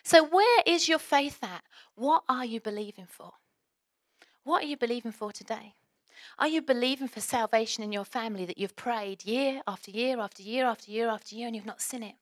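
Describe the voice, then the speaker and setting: Woman pastor, sermon, earnest and exhorting, higher voice, dry close sound. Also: brisk, dry recording. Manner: earnest, exhorting with repeated rhetorical questions.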